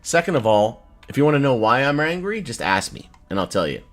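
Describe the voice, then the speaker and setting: A man's voice: medium pitch, very animated, brisk. A man in his thirties hosting a casual live stream, reading chat aloud in a loose, profane way and laughing often. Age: 30s. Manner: loose, profane, laughs often, swings between joking and irritated. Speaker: livestream host reading chat.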